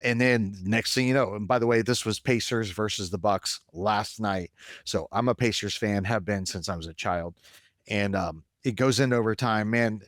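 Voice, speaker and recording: A man co-hosting a casual podcast, telling stories in an animated way that swings between excitement and deflation. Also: lowish voice, normal speed, no echo, clean studio sound. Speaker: podcast co-host. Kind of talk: casual conversational podcast chat.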